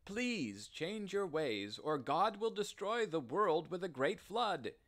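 Noah, a man doing him high and pleady, anxious kind old farmer in a storybook. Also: sing-song, measured pace, a bit bright, exaggerated voice. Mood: pleading.

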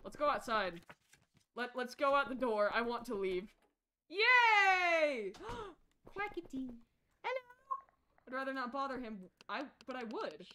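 A woman streaming a game live, excitable and chatting to her viewers as she plays. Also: high voice, measured pace, long pauses, slight background noise. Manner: excitable, gasps and squeals at the game. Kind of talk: live gameplay commentary. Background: faint game music.

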